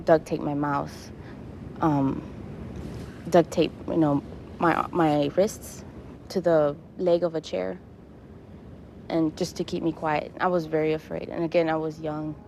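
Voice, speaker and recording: A woman giving an emotional interview, speaking haltingly and repeating her words. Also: deep voice, flat delivery, gravelly, a little mellow, slight background noise. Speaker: interviewee recounting her past.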